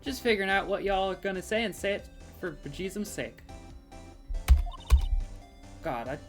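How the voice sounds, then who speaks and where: A woman's voice: medium pitch, animated, normal speed, soft background music, natural voice. A woman putting on a brash Southern woman photographer. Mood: impatient. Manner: brash drawl, scolding.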